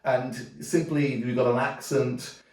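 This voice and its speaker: A man teaching djembe, explaining technique in a relaxed way and often checking in with a quick "okay?". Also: mid-range voice. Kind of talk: demonstrating drum technique. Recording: roomy sound from a distance. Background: djembe drumming.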